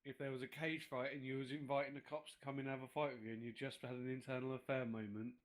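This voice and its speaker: A man's voice: mid-range voice, level tone, fast. A man, the server's creator, chatting casually in a dry, matter-of-fact way. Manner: dry, matter-of-fact, then blunt insults. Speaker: creator of the role-play server. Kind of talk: casual chat.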